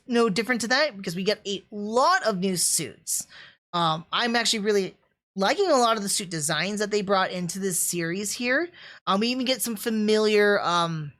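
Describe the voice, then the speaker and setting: A woman's voice: mid-range voice, a bit bright. A woman reviewing anime on a live stream, enthusiastic and rambling, full of fillers and restarts. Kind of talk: casual livestream review.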